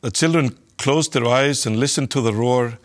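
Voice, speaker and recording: Man calmly reading a children's story. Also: mid-range voice, normal speed. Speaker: narrator.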